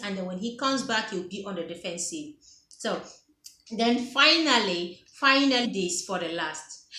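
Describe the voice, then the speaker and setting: A woman's voice: mid-range voice, sharp tone. A woman giving relationship advice to camera in a casual, emphatic way, often repeating her phrases. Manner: emphatic, repeats phrases, acts out quoted dialogue. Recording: echoey room.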